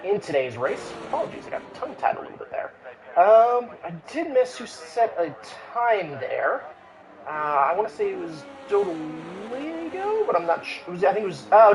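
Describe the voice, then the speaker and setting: A man calls an online racing qualifying session live, his voice sitting a little high. He keeps going with lots of "uh" fillers and restarts. A faint hiss of noise runs under the recording. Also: rough recording. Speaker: race commentator. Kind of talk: live sim racing commentary.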